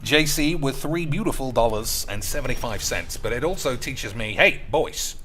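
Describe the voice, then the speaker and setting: Rowdy man, lively sing-song delivery. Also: normal speed, a little hiss or hum. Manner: rowdy, crude, keeps calling out to "boys"; swings into loud high outbursts. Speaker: streamer. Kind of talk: casual gaming commentary.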